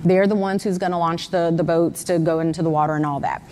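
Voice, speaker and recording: A woman's voice: on the low side, steady tone, fast, darkish tone, long reverb tail, a little hiss or hum. A mother recounting step by step, with exact times, what happened the day her son went missing. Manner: detailed, step-by-step retelling with times. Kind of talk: recounting events in an interview.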